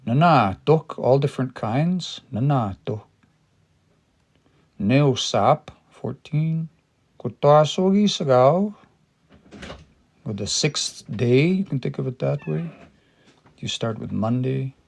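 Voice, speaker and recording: A man's voice: mid-range voice, expressive, slow pace, gravelly, long pauses. A man teaching Cree on a casual livestream, thinking aloud with fillers and restarts and sounding out words syllable by syllable. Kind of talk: casual livestream language lesson.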